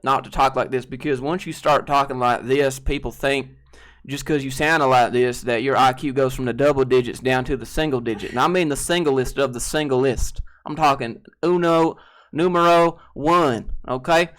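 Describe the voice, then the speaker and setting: A man putting on a thick, exaggerated Southern US accent from Georgia, playing a boastful good ol' boy with a loud drawl. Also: mid-range voice, normal speed, hardly any pauses, lightly acted. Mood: mocking. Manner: thick drawl, boastful, louder than his own talk.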